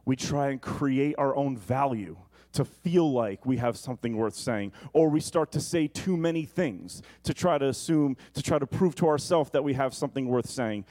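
A man preaching a sermon, animated and conversational, often asking the congregation questions. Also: medium pitch, moderate pace, hardly any pauses.

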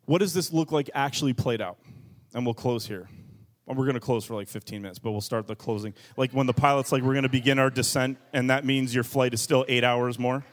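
A man preaching a sermon in a lively, joking and emphatic way, leaning hard on key words. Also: medium pitch, a little fast. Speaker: pastor.

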